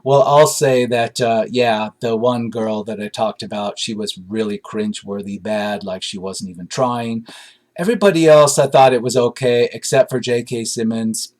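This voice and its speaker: A man's voice: medium pitch, fairly even intonation, normal speed, darkish tone. A man giving a casual spoken movie review, blunt and critical, rambling and searching for words with lots of fillers. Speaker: film reviewer.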